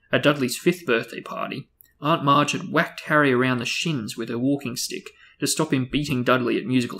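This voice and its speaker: A man's voice: mid-range voice, a bit bright. Man reading a novel aloud. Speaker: reader and show co-host.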